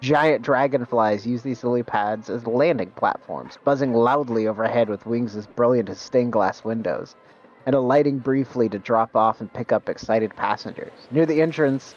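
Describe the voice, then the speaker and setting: A man's voice: mid-range voice, normal speed, a little mellow. Man narrating a tabletop game in lo-fi audio. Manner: descriptive, lightly joking. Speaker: game master.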